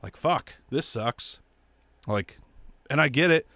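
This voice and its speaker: A man hosting his own show, ranting bluntly about politics with heavy swearing and mocking, squeaky impressions of other people. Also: lively intonation, takes it slowly, bright, forceful tone, dry recording. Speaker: show host. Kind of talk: profane political rant.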